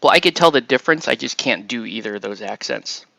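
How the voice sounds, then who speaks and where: A man's voice: medium pitch, expressive, quick pace, vocal fry, bright, forceful tone, dry recording, poor audio. A man hosting a casual chat while assembling miniatures, rambling and chuckling as he trails off and restarts. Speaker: host.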